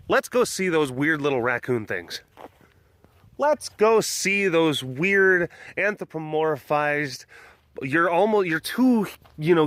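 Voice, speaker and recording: A man hosting a casual walk-and-talk vlog around an outdoor animal compound, filming on a handheld phone, chatty and rambling, with bursts of excitement. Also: fairly high pitch, dry recording. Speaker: big cat sanctuary keeper and vlogger.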